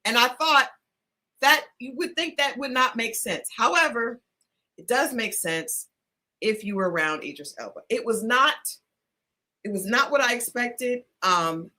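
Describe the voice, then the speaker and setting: A woman co-hosting a talk show, telling a story in a casual, animated way, laughing often and restarting her sentences. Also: fairly high pitch, a little slow. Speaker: podcast co-host.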